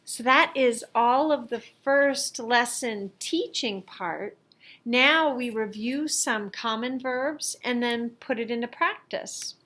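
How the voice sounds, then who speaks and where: A middle-aged woman teaching a lesson, explaining slowly and carefully with the odd filler as she reviews worksheets. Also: on the high side, fairly bright tone. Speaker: Latin teacher.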